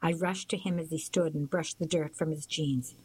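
A woman narrating a first-person novel as an audiobook, in a steady storytelling manner. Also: sits low, normal speed, slight background noise, rough recording.

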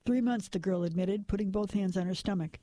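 A man reading a crime novel aloud in even, steady scripted narration. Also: high voice, fairly quick, no echo. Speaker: audiobook narrator.

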